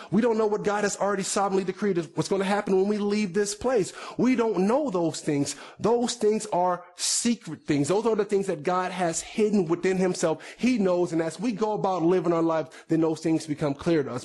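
Preaching man, slightly high voice. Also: darkish tone. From United States. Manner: conversational preaching with repetitions and asides. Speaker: pastor. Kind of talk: sermon.

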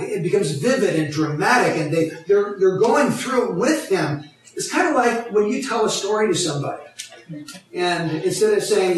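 A man preaching a teaching sermon, explaining a Bible passage step by step and asking his congregation questions. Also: sits high. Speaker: pastor. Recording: echoey hall, mic far off.

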